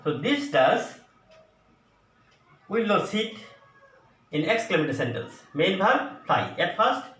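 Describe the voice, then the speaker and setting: A man teaching an English grammar lesson at a board, explaining slowly and going over each example again. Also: high-pitched, sing-song, fairly bright tone. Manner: slow, deliberate explaining with repeated examples. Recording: echoey room, voice from a distance, faint noise.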